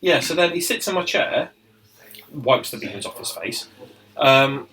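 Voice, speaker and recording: A man's voice: mid-range voice, sing-song, unhurried, a bit bright, rough recording. A man, a barber co-hosting a podcast, telling stories in casual chat, swearing and laughing often.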